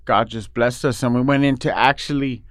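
A man, a podcast guest, telling a story in a casual chat, rambling and joking, quick to laugh. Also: medium pitch, fairly even intonation, no room sound, clean studio sound.

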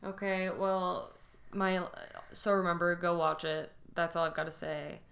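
Young female podcast co-host, low-ish voice, emotional storyteller who trails off mid-sentence. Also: fairly even intonation, unhurried, gravelly, fairly bright tone. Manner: emotional, restless retelling with many fillers and trailing-off phrases. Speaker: podcast co-host telling a true crime case. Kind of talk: casual podcast chat.

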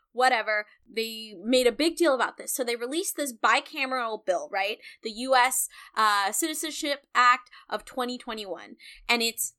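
Bright woman explaining policy frankly. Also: high voice. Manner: explanatory, frank, swears casually. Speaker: podcast co-host. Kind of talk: casual political chat.

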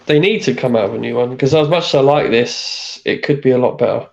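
A man's voice: medium pitch, fast talker, gravelly, a little mellow, muffled recording. A man co-hosting a casual tech podcast, easygoing and agreeable, often repeating his words. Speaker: podcast co-host.

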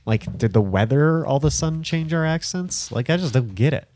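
A man's voice: on the high side, animated, a little fast, a little mellow, dry recording. A man co-hosting a podcast, rambling in casual chat with lots of filler words. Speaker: podcast co-host.

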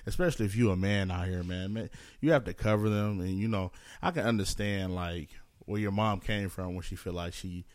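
A man's voice: deep voice, a little fast, hardly any pauses, dry recording, studio quality. A man in a casual conversation, protective and joking, talking in laid-back slang.

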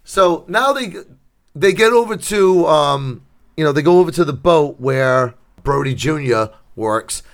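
A man co-hosting a casual podcast, retelling a film plot with sarcastic asides and quick acted-out quotes. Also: a little high, expressive, gravelly. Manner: sarcastic storytelling, acts out quotes. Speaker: podcast co-host. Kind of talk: casual chat.

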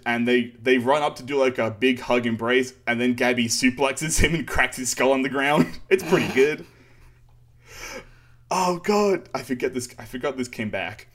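A man's voice: medium pitch, a bit bright. A man casually recapping a manga chapter on a podcast, rambling with fillers and sarcastic asides. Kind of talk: casual chat.

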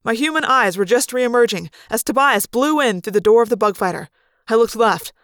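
A woman reading a novel aloud in an expressive first-person narration. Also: a little high, brisk, dry recording, studio quality. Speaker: audiobook reader. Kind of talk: fan read-aloud narration.

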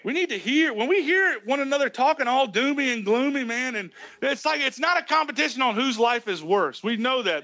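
High, bright-voiced preaching man. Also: lively intonation, brisk, hardly any pauses, dry recording. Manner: emphatic, folksy preaching with swings from shouts to hushed lines. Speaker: pastor. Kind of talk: sermon. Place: church sanctuary.

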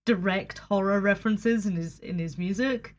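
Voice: medium pitch, normal speed. A podcast co-host in casual chat, dry and wry, laughing through complaints.

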